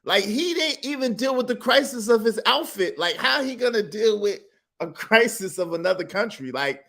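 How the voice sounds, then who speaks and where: A man's voice: high voice, animated, normal speed, gravelly, fairly bright tone. A man hosting a comedic reaction show, laughing and asking the same incredulous questions again and again. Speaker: host reacting to clips.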